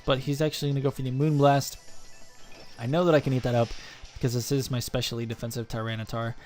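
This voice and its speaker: Young guy doing goofy battle commentary, mid pitch, light music behind. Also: darkish tone. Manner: joking, self-mocking play-by-play. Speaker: gaming channel host.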